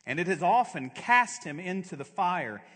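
A man preaching a sermon as a pastor, with dramatic delivery that swings from loud to hushed. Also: sits high, sing-song, moderate pace. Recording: long reverb of a large hall.

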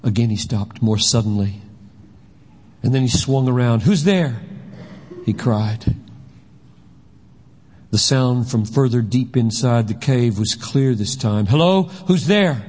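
A man narrating a story in rhyming verse, slow, deliberate and solemn. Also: medium pitch, fairly even intonation, a little mellow. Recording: long hall reverb.

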